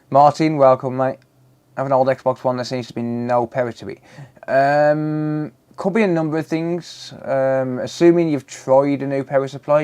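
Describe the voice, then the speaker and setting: A man's voice: mid-range voice, darkish tone, clear, resonant tone. Man greeting his live stream chat. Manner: greets chat viewers by name, says "mate" often. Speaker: live stream host, repair technician.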